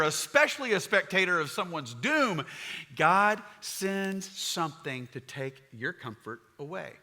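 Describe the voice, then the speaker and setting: A pastor preaching a sermon, telling the story with humor and acting out the characters in playful voices. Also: male voice, high voice. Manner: animated storytelling, acts out characters in funny voices.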